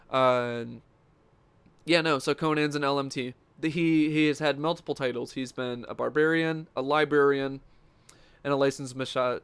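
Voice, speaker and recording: A man's voice: mid-range voice, a bit bright, clear, resonant tone. A man giving casual, jokey commentary while playing a fighting game, reacting aloud to each moment of the match. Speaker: gaming streamer.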